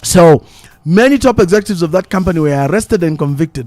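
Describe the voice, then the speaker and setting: A man with a Zambian English accent hosting a live radio talk show, telling stories in an animated way and repeating phrases for emphasis. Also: fairly high pitch, fairly quick, no echo, soft background music. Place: radio studio. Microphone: studio microphone.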